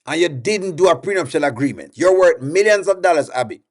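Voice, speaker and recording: A man's voice: a little high, animated, fairly quick. Jamaican man hosting a livestream. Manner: coaxing, repeats himself, addresses viewers as friends. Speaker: livestream host reading viewer comments. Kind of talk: casual reaction livestream.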